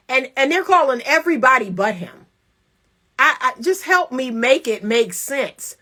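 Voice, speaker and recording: A woman relationship coach giving emphatic, animated advice to women, acting out little scenes with playful laughs. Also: on the high side. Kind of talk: casual advice talk to women.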